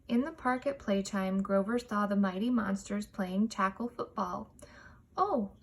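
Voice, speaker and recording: A woman reading a children's picture book aloud, expressive and measured. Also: mid-range voice. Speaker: storytime reader.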